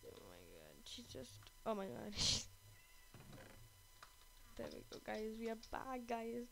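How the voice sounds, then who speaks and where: A woman giving excited gameplay commentary, gasping and repeating her exclamations often, with her face kept off camera. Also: on the high side, slow pace, gravelly, a little hiss or hum, low-quality recording. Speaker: gaming channel host. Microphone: off-camera voice-over during gameplay.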